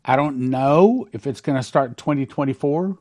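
A man's voice: mid-range voice, normal speed, a little mellow. Male host, emphatic and preachy, reads prophecy passages and stresses the numbers. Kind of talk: reading and commenting on prophecies.

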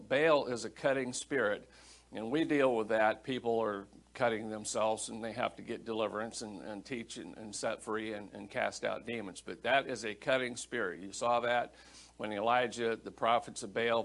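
A man's voice: medium pitch, a bit bright. A middle-aged male pastor preaching a Bible-teaching sermon in a conversational, storytelling manner and reading scripture aloud.

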